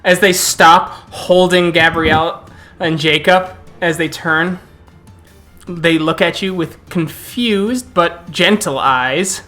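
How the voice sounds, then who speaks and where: A game master narrates a tabletop game slowly, with a bright, forceful voice and frequent laughter. Soft music plays under the narration. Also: medium pitch. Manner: slow, laughs often.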